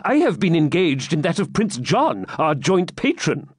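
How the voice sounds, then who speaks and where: A man's voice: sing-song, measured pace, husky, no echo, clean studio sound, heavily acted. A man voicing a scheming, angry medieval Norman noble who speaks sharply and impatiently. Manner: sharp and impatient, voice raised higher.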